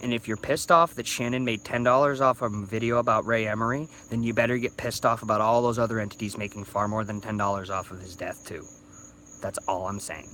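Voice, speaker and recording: Recorded on a phone with a little hiss or hum, a thirty-year-old YouTuber speaks in a mid-range, slightly bright voice. A bit drunk, he rambles through a casual vlog rant full of stumbling restarts and swearing.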